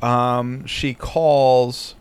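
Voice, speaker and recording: A man's voice: medium pitch, little pitch movement, drawn-out words, clean tone. A man hosting a podcast in casual chat, swearing constantly and sneering sarcastically. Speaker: podcast host. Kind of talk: casual profane commentary.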